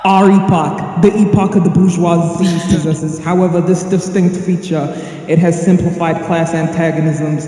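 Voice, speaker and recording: A player voicing a possessed boy, declaiming in a flat monotone through a heavy echoing reverb effect. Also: medium pitch, moderate pace. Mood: menacing. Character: possessed boy reciting in a demonic voice. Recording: echoey hall reverb effect.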